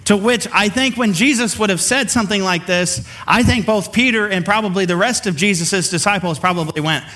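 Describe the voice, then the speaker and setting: Bright, high-voiced male preacher. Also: fairly quick, hardly any pauses. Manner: conversational, acts out the figures he quotes. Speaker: pastor. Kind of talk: sermon.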